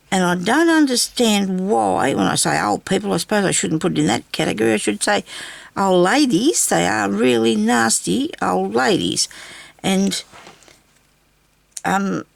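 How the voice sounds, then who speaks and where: A woman's voice: mid-range voice, expressive, unhurried, vocal fry, dry recording. An Australian woman chatting in a casual, rambling way while she crafts and tells stories. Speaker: craft vlogger.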